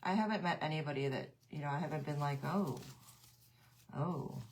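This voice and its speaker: Woman, lowish voice, chatty craft livestream host, faint hiss. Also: moderate pace, darkish tone. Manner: chatty, laughs often, reads out comments. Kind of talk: casual livestream chat with viewers.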